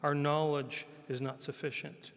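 A male pastor preaching a conversational sermon. He repeats phrases, often asks "right?", and sometimes drops to a soft, quiet voice. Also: fairly high pitch, level tone, unhurried, vocal fry, clean tone. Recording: long hall reverb.

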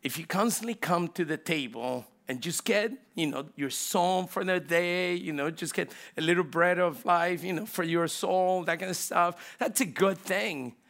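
A middle-aged pastor preaching with a high, bright voice that carries a gravelly edge. He tells stories animatedly, jumping from loud bursts to hushed, close asides. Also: normal speed, few pauses. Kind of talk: sermon.

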